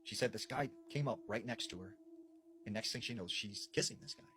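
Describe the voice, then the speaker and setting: A man casually retelling a paranormal story, conversational and animated, with frequent fillers. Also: fairly low pitch, brisk, background noise. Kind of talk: casual spoken scary storytelling.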